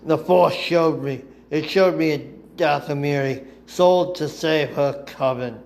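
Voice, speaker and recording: A man voicing a defiant young female warrior held captive, who answers in a strained, guarded, halting way in a fan audiobook reading. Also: medium pitch, steady tone, creaky, a little mellow. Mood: pained.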